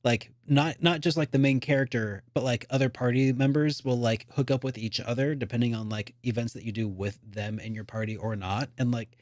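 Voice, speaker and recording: A man chatting on a gaming podcast, rambling along with plenty of fillers and false starts as he gets carried away. His voice sits at an ordinary middle pitch and sounds close and dry, with no room echo. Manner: rambling and excitable, heavy on "like" and restarts. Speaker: podcast co-host. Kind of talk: casual chat about video games.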